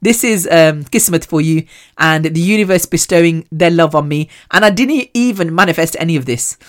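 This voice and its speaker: A woman hosting a podcast, talking casually and telling animated stories with frequent laughs. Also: on the low side, normal speed. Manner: chatty, animated storytelling; laughs often. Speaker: podcast host. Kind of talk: casual chat.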